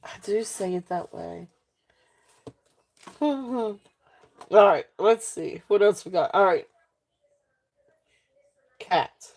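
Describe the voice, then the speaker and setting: Woman, Southern US accent, live sale host, unhurried, laughs often, filler words. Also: mid-range voice, vocal fry, a little mellow. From Southern United States. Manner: giggly, chatty, frequent ums. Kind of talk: casual live-stream selling.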